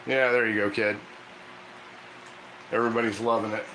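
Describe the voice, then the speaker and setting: A man's voice: fairly low pitch, level tone, normal speed, bright, forceful tone, roomy sound, a little hiss or hum, poor audio. A man hosting a casual cooking stream, chatty and laughing often as he coaxes his dog through tricks. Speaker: cooking channel host. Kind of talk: casual live cooking chat.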